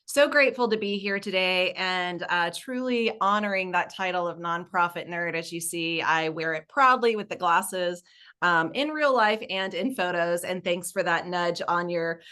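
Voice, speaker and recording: A woman's voice: lowish voice, normal speed, pushed and bright, clear, resonant tone. A woman in her forties with a Southern US accent, presenting a webinar as a nonprofit consultant, casual, upbeat and chatty. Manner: upbeat, chatty, laughs easily.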